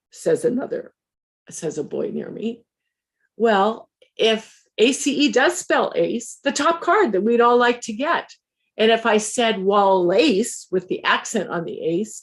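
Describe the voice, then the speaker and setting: A woman, once a teacher, telling a personal story in a conversational, measured way with dry humor. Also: medium pitch, expressive.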